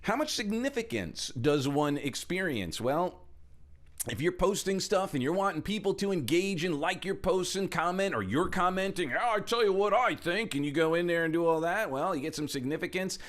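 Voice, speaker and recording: A middle-aged man giving a motivational talk as speaker and trainer, animated, swinging between loud emphasis and hushed asides while acting out quoted voices. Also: a little high, normal speed.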